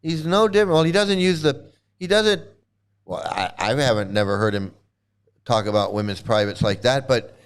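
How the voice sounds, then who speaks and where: A man's voice: medium pitch, animated, moderate pace, clean tone. A man hosting a casual livestream chat, rambling and stammering, laughing often and mocking. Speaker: channel host.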